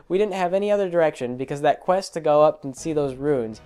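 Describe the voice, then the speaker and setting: A man's voice: fairly high pitch, fast, mellow, clear, resonant tone. A man casually retelling a tabletop game campaign, rambling and amused with many fillers. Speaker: storyteller. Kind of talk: casual storytelling vlog.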